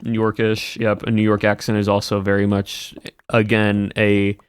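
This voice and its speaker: A man's voice: on the low side, monotone, moderate pace, clean tone. A man streaming live, chatting casually and rambling while he answers his chat.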